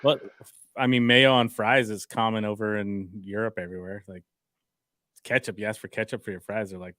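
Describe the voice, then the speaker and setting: A man's voice: on the low side, fairly even intonation, a little fast, sharp tone, no echo. A man co-hosting a casual podcast, laid-back and joking about himself. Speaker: podcast co-host. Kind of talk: casual chat.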